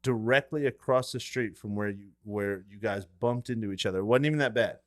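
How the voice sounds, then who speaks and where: A man in his thirties co-hosting a podcast, telling a story in casual chat, animated and swearing, acting out quotes. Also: fairly low pitch, fairly quick. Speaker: podcast co-host.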